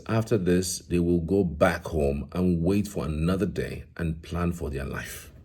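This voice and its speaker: A man reads social media comments aloud, reacts to them and often laughs along in casual commentary. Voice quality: very deep, dark and husky.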